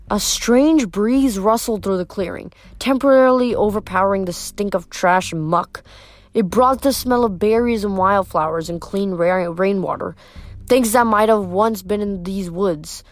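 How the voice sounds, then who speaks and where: A woman's voice: mid-range voice, normal speed, no echo. A woman reading a novel aloud to her channel, chatty and full of fillers in her asides between chapters. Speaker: audiobook reader.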